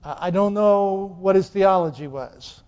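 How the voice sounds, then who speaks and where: In a large church hall with long reverb, a pastor delivers his sermon unhurriedly, his high, soft-edged voice clear and resonant. He poses questions to the congregation and repeats phrases for emphasis. The audio comes through muffled and lo-fi.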